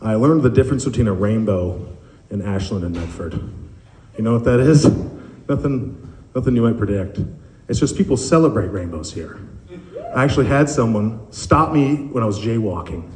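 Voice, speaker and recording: A man doing a stand-up comedy set on a club stage, telling animated stories with acted-out quotes, audience laughter behind him. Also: mid-range voice, normal speed, echoey room, slight background noise.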